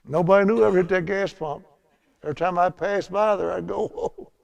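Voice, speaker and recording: Older man with a gravelly, high voice. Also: fast talker, darkish tone, muffled recording. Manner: chatty storytelling, laughs at his own tales. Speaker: Bible teacher. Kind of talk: folksy Bible lesson.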